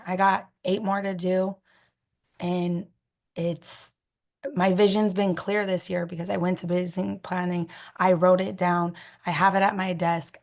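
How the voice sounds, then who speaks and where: A hoarse woman in her thirties on a video call, blunt and encouraging. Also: fairly low pitch. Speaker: real estate agent.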